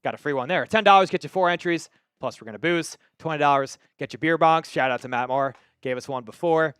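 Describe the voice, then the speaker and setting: Smooth-voiced Long Island man hosting. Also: a little high, brisk, a bit bright, no room sound, studio quality. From Long Island, New York. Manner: casual, chatty, reads viewer messages aloud. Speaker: livestream host. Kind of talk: live game watch-party commentary with chat.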